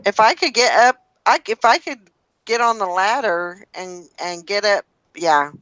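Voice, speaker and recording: A woman's voice: medium pitch, expressive, measured pace, fairly bright tone, no room sound. A woman hosting a casual morning chat show, talking in a rambling, self-deprecating way. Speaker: host.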